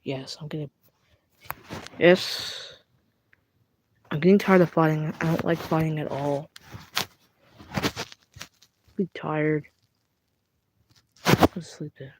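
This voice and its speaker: A young British woman voices two plush toys in a playful skit at home, bickering with herself as both characters and stumbling, restarting and rambling. Her voice is low and darkish, with fairly even intonation, and she speaks slowly with frequent pauses.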